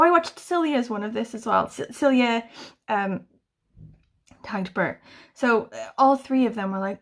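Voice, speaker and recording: Thirty-something woman, kinda high voice, rambly exasperated vlog rant, swears a lot. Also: gravelly. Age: 30s. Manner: rambling, swears freely, fast exasperated rants. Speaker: booktuber answering a tag. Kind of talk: casual chat to camera.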